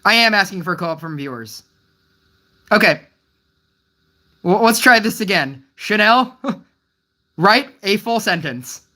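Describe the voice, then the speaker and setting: A mobile game streamer chatting live with viewers, rambling and puzzled, with many restarts and gentle teasing of the chat. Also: mid-range voice, lively intonation, takes it slowly, long pauses.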